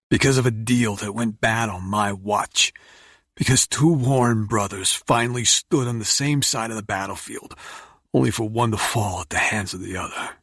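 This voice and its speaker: A man narrating a dark romance audiobook in first person, brooding and intense. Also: fairly low pitch, breathy edge, no echo, clean studio sound.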